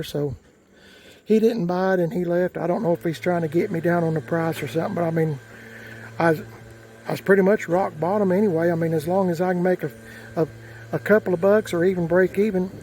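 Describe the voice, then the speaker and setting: A man with a drawl rambles through a story in a folksy way, full of fillers and restarts. His voice sits a bit high for a man. Faint outdoor ambience runs behind him. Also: fairly even intonation, fairly quick, a little mellow, a little hiss or hum, low-quality recording. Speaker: vlogger. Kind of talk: casual storytelling.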